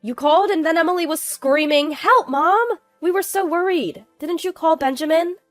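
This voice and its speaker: A woman voicing a caring older grandmother who speaks gently but sternly. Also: extremely high pitch, moderate pace, no echo, faint music behind, pitched above the performer's own voice. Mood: concerned.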